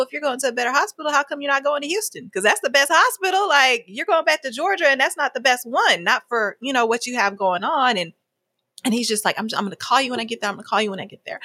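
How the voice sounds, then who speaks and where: A woman with a bright, crisp tone recounts events in a lively, conversational way. She acts out the voices of people in her story, and the sound is dry and close. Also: medium pitch, no room sound. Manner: animated, acts out quoted dialogue with frequent laughs. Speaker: guest telling her story.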